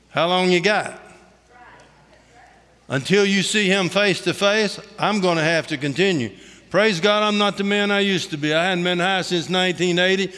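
High-voiced bright folksy man preaching. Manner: folksy, humorous storytelling; colloquial Southern-style grammar, "ain't". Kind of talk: testimony sermon. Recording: long hall reverb.

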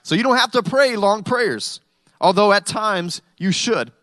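A man's voice: high voice, lively intonation, a little slow, fairly bright tone, dry recording. A male pastor preaching a sermon in a conversational way, with humorous stories.

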